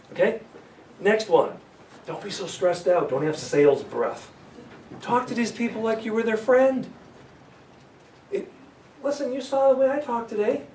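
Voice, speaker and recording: A man teaching sales in a live seminar, energetic and coaching, asking his audience questions. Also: on the high side. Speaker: sales trainer. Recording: echoey room, far from mic, faint hiss.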